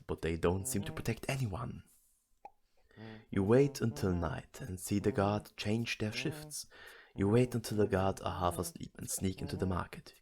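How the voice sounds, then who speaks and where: A man reading an AI-generated adventure story aloud in a deadpan manner. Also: on the low side.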